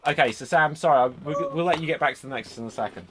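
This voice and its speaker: A man's voice: a little high, racing, noisy background. Rambling man hosting a chat. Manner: rambling, goes off on enthusiastic tangents. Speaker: podcast host. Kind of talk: casual chat. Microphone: computer microphone on a remote call.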